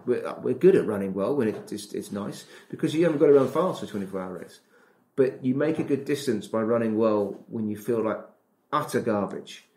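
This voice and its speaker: A man, a running coach and podcast guest, explaining ideas in casual chat with an animated manner and acted-out asides. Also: on the low side, a little fast, echoey room. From Britain. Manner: animated, acts out his inner dialogue.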